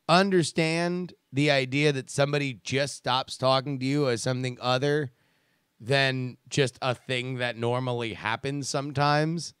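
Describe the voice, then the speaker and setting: A man hosts a casual commentary podcast, ranting sarcastically and profanely while reading listener emails. His mid-range voice has fairly even intonation and a fairly bright, clean tone, and he speaks a little slowly. The studio sound is clean, with no room sound.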